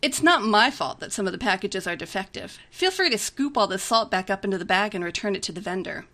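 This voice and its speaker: A woman's voice: medium pitch, expressive, quick pace, pushed and bright. A woman reading the part of an imperious female demon who mocks and gives cool, haughty commands. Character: imperious, self-possessed female demon, adult, mocking.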